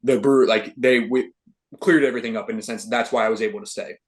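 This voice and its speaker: Fast-talking young man telling a story. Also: mid-range voice. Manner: animated, slangy, with "dude" and "like" fillers. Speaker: guest, professional baseball pitcher. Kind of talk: casual storytelling interview.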